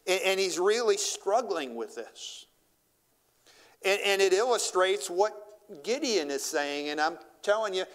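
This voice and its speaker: A man preaching a sermon in a church, reading scripture aloud and then paraphrasing it in plain everyday words. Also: high-pitched. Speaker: pastor. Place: church sanctuary.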